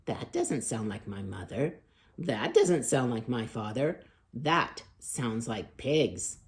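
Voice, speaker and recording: A woman's voice: a bass voice, very animated, takes it slowly, pitched below the performer's own voice, exaggerated voice. A woman voicing a spirited young farm girl in a children's storybook reading, in a plain storybook voice. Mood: puzzled.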